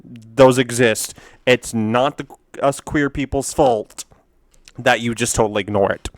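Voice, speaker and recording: A man's voice: mid-range voice, fairly even intonation, measured pace, no room sound. A man hosting a video where he reacts to memes, talking in a rambling, frank, filler-heavy way. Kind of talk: casual commentary.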